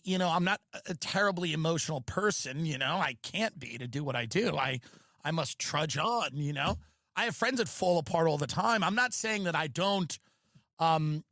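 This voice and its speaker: A man with a fairly high, bright voice holds forth on his comedy podcast. He rambles and riffs in an ironic, mock-sincere tone. The sound is close and completely dry, like a studio mic with no room around it. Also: dry recording. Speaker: podcast host.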